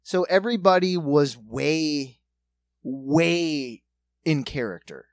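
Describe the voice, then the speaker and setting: A man in casual podcast chat, telling a profane, animated story and slipping into quick character voices. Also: on the high side, no room sound, studio quality.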